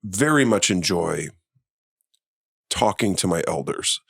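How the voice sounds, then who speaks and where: A middle-aged man with a low voice that swings widely as he tells stories, quoting people in a raised voice. He talks close to the mic in a dry room. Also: animated, slow, vocal fry, fairly bright tone, slightly rough, dry recording. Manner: chatty storyteller, acts out quotes in a higher voice. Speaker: guest. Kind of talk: casual conversation.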